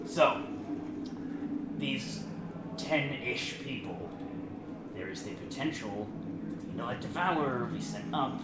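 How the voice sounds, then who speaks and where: A man's voice: medium pitch, animated, takes it slowly, long pauses. A man playing in a tabletop game, earnest and insistent. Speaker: player. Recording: echoey room, loud noise.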